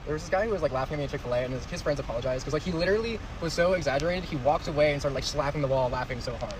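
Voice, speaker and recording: A man's voice: on the high side, very fast, far from the mic, over a noisy crowd, poor audio. A man telling a story in a casual vlog, ranting and filling his speech with "like". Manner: ranting, lots of "like".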